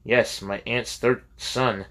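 A man reading the lines of a troubled young male college student who speaks quietly and respectfully. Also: mid-range voice, fairly even intonation, slow. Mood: earnest.

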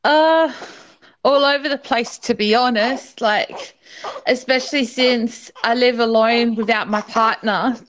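A woman's voice: a little high, steady tone, measured pace, muffled recording. A young woman calling in to a live stream, chatting casually and laughing often. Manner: laughs often, soft-spoken. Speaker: caller. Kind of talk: casual call-in chat.

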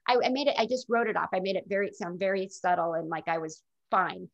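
A middle-aged woman speaks candidly and reflectively as an interview guest. Her voice has a gravelly, creaky edge. The recording is dull and lo-fi. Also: medium pitch, fairly even intonation, fast. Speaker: guest telling her illness story. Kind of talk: casual interview storytelling.

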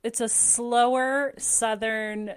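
A woman co-hosting a casual chat podcast, chatty and quick to laugh. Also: fairly high pitch, fairly even intonation, clear, resonant tone. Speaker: podcast co-host.

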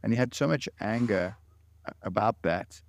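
A man in his late forties, a guest in an interview, tells stories earnestly and frequently repeats words. His voice is fairly low and gravelly at a normal speed, with no echo in the recording.

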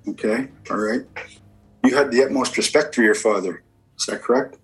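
A man's voice: mid-range voice, moderate pace, breathy edge, low-quality recording. A man working as a medium and giving a spirit reading. He asks a string of short yes-or-no questions and answers each reply with "okay, perfect.".

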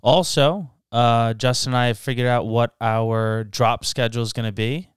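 A man's voice: mid-range voice, steady tone, moderate pace, clear, resonant tone, no room sound, clean studio sound. A young man co-hosting a podcast in casual, profane chat, laughing often. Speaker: podcast co-host.

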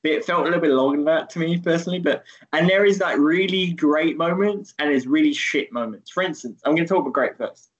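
A man with a somewhat high voice hosts a casual podcast, teasing his co-host and rambling through restarts. The recording sounds dull and lo-fi. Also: fast talker, few pauses. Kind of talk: casual chat.

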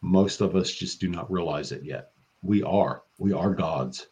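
A man talking as a podcast guest in casual chat, excitable and profane, breaking into loud bursts when quoting. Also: low-pitched, measured pace, husky. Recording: dull lo-fi sound.

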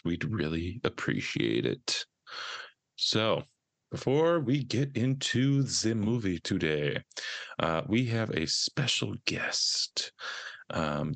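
A man hosts a casual podcast in a deep, low voice, keeping things loose and jokey. The sound is dry and close, with no room behind him. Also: vocal fry, no room sound. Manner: joking, laid-back, fast introductions. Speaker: podcast host.

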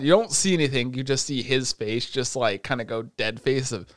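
A young man hosting a casual chat, retelling an anime with lots of swearing and excitable energy. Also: mid-range voice, brisk, few pauses, no echo, clean studio sound. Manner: profane, excitable storytelling.

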